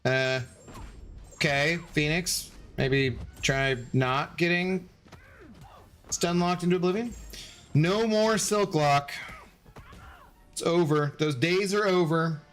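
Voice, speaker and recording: A man's voice: on the high side, fairly even intonation, slow, pauses often, a bit bright, faint music behind. A man streaming a game, rambling casually and answering viewers' chat messages as he plays. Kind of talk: casual live-stream chat while gaming.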